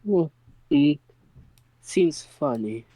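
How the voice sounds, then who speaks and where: A man voices a scheming young noblewoman who guards a precious ruby. The delivery is slow and hesitant, with pauses between phrases. The sound is dry and close. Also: a little high, animated, mellow, no room sound, poor audio. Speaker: player. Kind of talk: in-character tabletop role-play.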